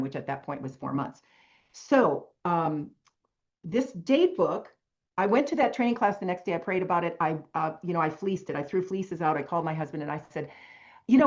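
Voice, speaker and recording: An older woman talks through a long personal story on a video call, drifting between asides in a lively, winding way. Her voice sits on the low side, and the call audio is dull and muffled. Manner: rambling, animated personal storytelling. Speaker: longtime direct-sales leader.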